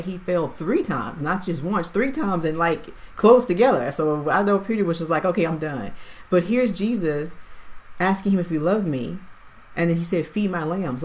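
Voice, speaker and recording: Low-voiced woman leading a casual Bible study. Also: a little hiss or hum. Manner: conversational, thinks aloud, paraphrases with "like" and "right?".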